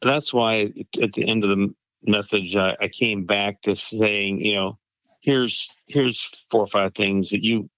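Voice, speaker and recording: Male pastor, reflective conversationalist, low voice, slightly muffled dry audio. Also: fairly even intonation, a little slow, fairly bright tone, no room sound. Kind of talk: casual chat.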